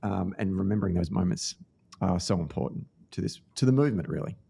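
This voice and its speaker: Australian male podcast host, low-ish register, earnest anecdotal delivery with fillers and restarts. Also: animated, fast, gravelly, warm tone, slightly rough. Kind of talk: casual podcast conversation.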